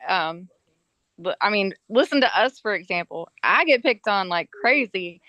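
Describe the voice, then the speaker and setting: Southern woman, chatty, mid-pitched, dry close sound, easygoing. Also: measured pace, no room sound, lo-fi sound. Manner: chatty, relaxed anecdotes. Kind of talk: casual group discussion.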